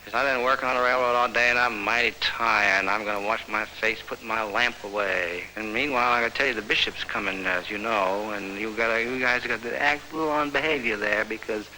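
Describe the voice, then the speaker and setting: A man voicing a tired middle-aged railroad worker, the bossy head of the house, with a weary, scolding, drawn-out way of talking. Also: on the low side, fairly even intonation, bright, forceful tone, slight background noise, low-quality recording.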